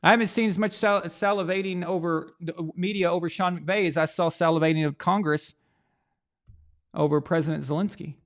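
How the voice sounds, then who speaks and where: A man's voice: fairly high pitch, steady tone, a little fast. A man hosting a sports reaction show, delivering a blunt, heated rant full of rhetorical questions and profanity. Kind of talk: opinionated sports commentary rant.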